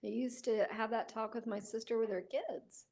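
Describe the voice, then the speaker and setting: Woman co-host, slightly high pitch; animated anecdote teller, quick to laugh. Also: vocal fry. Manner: animated storyteller, laughs easily. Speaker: podcast co-host. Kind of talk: casual chat and anecdotes.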